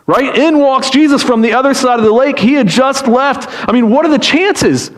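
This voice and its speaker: A man preaching with a notably high-pitched voice, telling a Bible story with animation. He slips into pleading voices for the characters and often repeats words as he restarts his phrases. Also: normal speed, hardly any pauses. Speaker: pastor. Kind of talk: sermon.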